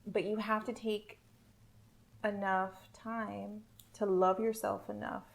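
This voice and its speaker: A woman's voice: mid-range voice, level tone, takes it slowly, vocal fry. A woman hosting a casual podcast chat, earnest and supportive, speaking in affirmations. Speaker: podcast host.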